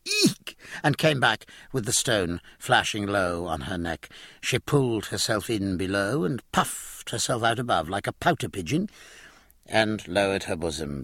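A man reading a novel aloud in expressive, measured scripted narration. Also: lowish voice, dry recording, studio quality. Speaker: audiobook narrator.

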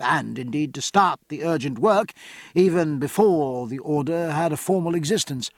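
A man narrating a novel in a measured, expressive way. His voice is a little husky and somewhat high, with a lively melody. The sound is close and dry. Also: no echo. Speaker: audiobook narrator. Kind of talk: scripted narration.

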